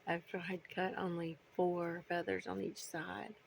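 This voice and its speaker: A middle-aged woman, a bird owner, chatting casually to her pet birds in cooing baby talk with soft whispered asides. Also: fairly low pitch, little pitch movement, normal speed, creaky, a little hiss or hum.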